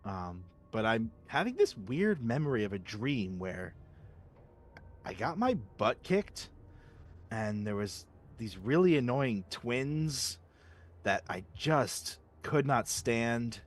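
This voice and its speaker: A man's voice: medium pitch, sing-song, slow. A man playing a tabletop game, describing his half-elf rogue in character in a playful way. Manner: playful, breaks into character voices. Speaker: player.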